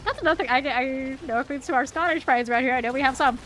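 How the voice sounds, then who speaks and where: A woman, chatting casually while streaming a video game, chatty and quick to laugh. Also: sits high, fairly bright tone, slight background noise. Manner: chatty, laughs often, trails off. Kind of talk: casual chat while gaming.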